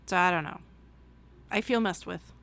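A middle-aged woman co-hosting a podcast in a chatty, animated way, quick to joke. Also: lowish voice, gravelly. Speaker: podcast co-host. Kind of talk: casual chat.

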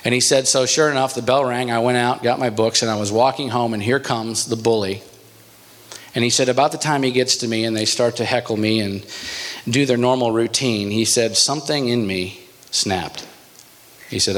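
A pastor delivers a sermon, telling a story with growing animation and speed as it builds. His voice sits in an ordinary middle pitch for a man. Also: fairly even intonation, fairly quick.

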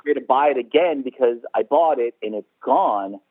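A man chatting casually about a movie, animated and swearing, acting out scenes in silly voices. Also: medium pitch, a little fast, breathy edge, no echo. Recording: tinny phone-like sound.

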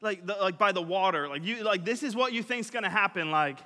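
A young male preacher with a notably high, bright voice delivers an energetic, chatty sermon at a brisk pace, full of fillers. His volume rises and drops often, and a long reverb fills the large hall.

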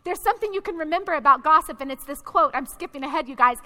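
A woman's voice: high-pitched, expressive, quick pace, pushed and bright. A woman pastor preaching a sermon to her congregation in a direct, conversational way. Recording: long hall reverb.

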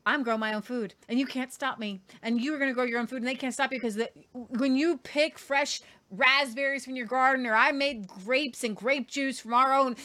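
A woman's voice: high-pitched, a bit bright. A woman hosting an opinionated news commentary show, sarcastic and emphatic. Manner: sarcastic, emphatic, talks in quick bursts. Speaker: host.

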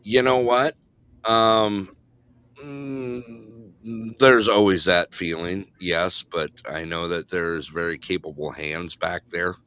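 A man's voice: sits low, steady tone, slow, a bit bright, smooth. A man co-hosting a show in rambling, jokey casual chat while camping in remote Alaska. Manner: rambling, jokey, laughs often. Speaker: co-host.

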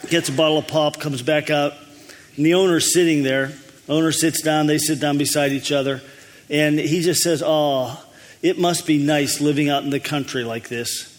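A man with a slightly high voice, the lead pastor, warms up his congregation with folksy jokes ahead of his sermon. His manner is easygoing, and the sound carries the space of a large church hall.

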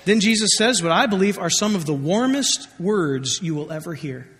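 A man's voice: sits high, lively intonation, moderate pace, fairly bright tone. A man preaching a sermon as pastor, conversational and joking, acting out scripture quotes. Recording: long hall reverb.

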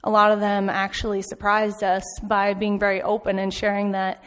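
A woman's voice: mid-range voice, completely flat delivery, normal speed, fairly bright tone, clear, resonant tone. A woman giving an informal sermon in a church, telling stories in a chatty way with frequent ums. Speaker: church speaker back from a mission trip. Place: church sanctuary. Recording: long hall reverb.

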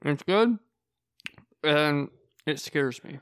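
A man's voice: fairly high pitch, lively intonation, extremely slow, smooth, no room sound, clean studio sound. A man co-hosting a podcast, talking in an easygoing, joking way. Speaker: podcast co-host. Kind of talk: casual chat.

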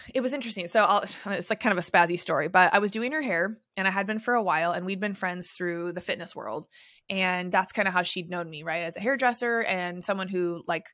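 A woman's voice: on the low side, a bit bright, no room sound, studio quality. A young adult woman hosting a solo podcast, telling stories in a chatty way with lots of fillers. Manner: chatty, filler-heavy storytelling. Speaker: podcast host and beauty industry coach.

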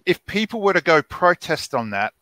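A man's voice: on the high side, sing-song, normal speed, sharp tone, dry recording. A man with an Australian accent co-hosting a podcast, giving blunt, opinionated takes and swearing freely in casual chat. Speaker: podcast co-host.

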